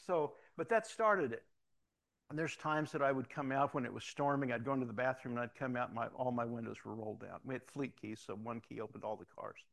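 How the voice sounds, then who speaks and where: A man who is both a pastor and a police officer, telling his stories in an animated way, acting out the dialogue and often repeating words as he starts a sentence. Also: medium pitch, a little fast, vocal fry. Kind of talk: storytelling testimony.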